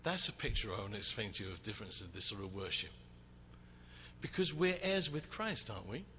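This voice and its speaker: Lively man in a big hall. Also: on the low side, a little fast, a little hiss or hum. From England. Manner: animated, acts out shouting crowd. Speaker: worship leader. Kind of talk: conference teaching with a story. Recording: reverberant hall, faint ambience.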